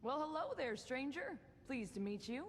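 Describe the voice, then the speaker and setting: A woman's voice: high voice, animated, moderate pace, long reverb tail. An actress voicing a friendly Southern woman who runs a refuge, speaking with a Southern American accent in a folksy, persuasive way. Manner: folksy, warm-spirited persuasion. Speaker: game character.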